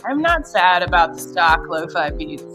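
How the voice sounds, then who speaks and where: A woman's voice: lowish voice, normal speed, music in the background. A woman co-hosting a marketing livestream by video call from her father's house, playful and joking. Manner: playful, joking, animated delivery. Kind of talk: casual live-stream chat.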